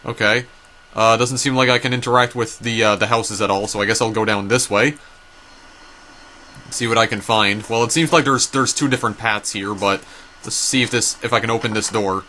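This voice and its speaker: Reading a story game's text aloud as he plays, this gameplay narrator drops casual remarks and keeps stumbling over names while voicing the dialogue. His voice is lowish and steady at a normal speed, pushed and bright, with slight background noise.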